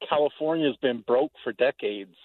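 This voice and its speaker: A man's voice: medium pitch, moderate pace, dry recording. A man calling in to a radio show, talking bluntly with a sarcastic edge. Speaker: caller. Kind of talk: caller on talk radio. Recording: phone line.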